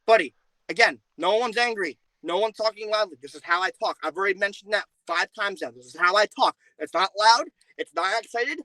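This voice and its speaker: A young man in a heated voice chat argument, loud and defensive, swearing and repeating himself. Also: high voice, brisk, no room sound, poor audio. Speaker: player in voice chat.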